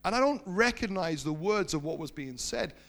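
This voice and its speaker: A man preaching, telling a personal story in an animated storytelling manner and slowing down for emphasis. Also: high voice, creaky. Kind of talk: sermon storytelling.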